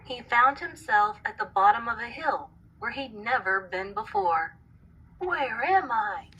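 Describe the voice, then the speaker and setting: A woman teacher reading a storybook aloud to a class, with expressive, clear storytelling. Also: a little high, unhurried, dull audio.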